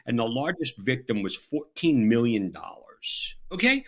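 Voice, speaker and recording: A man's voice: medium pitch, sing-song, moderate pace, hardly any pauses. A middle-aged man with a Southern American accent, speaking as a guest on a video call about his years in law enforcement, emphatic and sarcastic. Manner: emphatic, storytelling, self-deprecating and sarcastic. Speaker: guest, former FBI agent turned cybersecurity speaker. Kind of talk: animated interview conversation.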